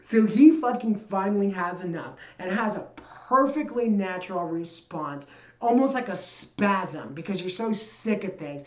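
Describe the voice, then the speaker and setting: A woman co-hosting a podcast, telling a long story in a casual, profane, animated way. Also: mid-range voice, unhurried. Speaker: podcast co-host. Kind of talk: casual chat. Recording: echoey room.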